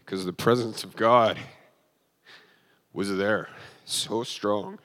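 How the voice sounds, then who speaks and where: A man's voice: on the low side, slow, fairly bright tone. A man giving a sermon as a pastor, telling an emotional personal testimony with frequent restarts and fillers.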